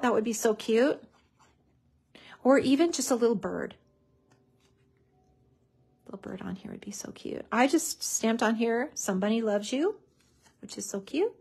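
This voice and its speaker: Chatty husky-voiced woman crafting. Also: fairly high pitch, darkish tone. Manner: chatty, enthusiastic, lots of "so cute". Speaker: craft tutorial host. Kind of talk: casual crafting demonstration.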